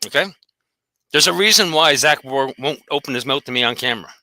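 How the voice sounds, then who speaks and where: A man's voice: mid-range voice, brisk, bright, forceful tone, dry recording. A man ranting angrily and profanely to his viewers as host of his own channel, taunting his critics. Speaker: host of a dog behavior channel. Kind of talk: angry solo rant.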